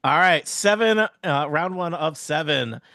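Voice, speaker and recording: A man's voice: a little high, lively intonation, a little slow, creaky, bright, forceful tone, dry recording. Dry-sounding male quiz host. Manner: explanatory, reads questions and facts. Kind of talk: hosting a podcast quiz game.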